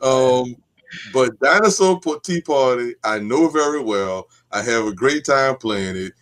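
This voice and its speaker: Laid-back guest with an animated voice. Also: male voice, medium pitch, measured pace. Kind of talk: casual game-show banter.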